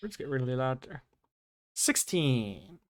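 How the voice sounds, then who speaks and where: A young man running a tabletop game as game master, with animated, jokey narration. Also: medium pitch, normal speed.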